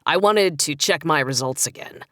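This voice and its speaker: A woman's voice: low-pitched, expressive, normal speed, a bit bright, dry recording. Woman reading a man, lab tech, boring drawl, dry close sound. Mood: matter-of-fact.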